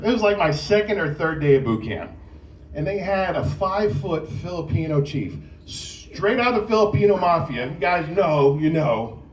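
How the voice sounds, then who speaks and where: A man in his forties doing a stand-up set at an open mic, telling stories and acting out shouting drill instructors, with the audience laughing. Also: on the high side, distant mic, a little hiss or hum. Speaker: stand-up comedian. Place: comedy club stage. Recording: roomy club sound from off mic with loud crowd laughter.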